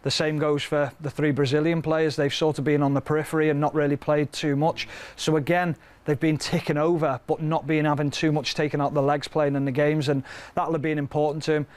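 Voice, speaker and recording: Male football pundit, studio analysis, slightly high voice, level and even delivery. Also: brisk, dry recording.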